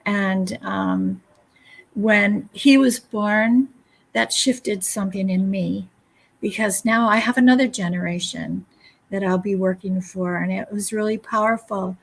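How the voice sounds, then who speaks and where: A woman in her seventies tells personal stories as a guest on a live broadcast. Her voice is husky and a little breathy, sitting in a middle register. She speaks gently and reflectively, pausing often with small filler sounds. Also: mid-range voice, fairly even intonation, poor audio. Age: 70s. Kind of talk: casual personal storytelling.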